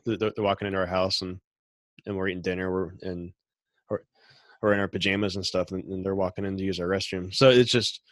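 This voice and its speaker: A middle-aged man who runs a machine shop, talking casually on a podcast in a rambling way with frequent restarts and throat clearing. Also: low voice, fairly bright tone, no echo.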